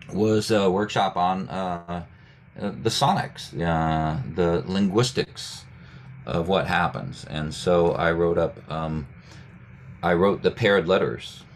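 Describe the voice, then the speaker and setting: Guest-leading a workshop on a video call, this male poet and writing teacher speaks with a deep voice against slight background noise. He's thoughtful, restarts often, uses plenty of fillers, and sounds things out slowly.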